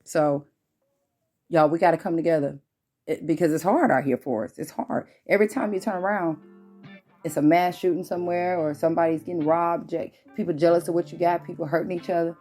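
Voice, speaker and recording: A woman giving a casual motivational talk to her viewers, animated and preachy, calling them y'all. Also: lowish voice, fairly quick, soft background music. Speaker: vlogger.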